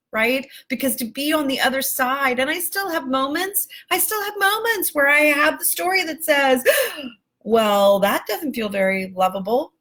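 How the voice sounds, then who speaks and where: A woman life coach speaking live to her viewers, emphatic and affectionate, calling them baby and my love and swearing casually. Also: high-pitched. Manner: warm, emphatic, calls listeners baby and my love. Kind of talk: live-stream coaching talk.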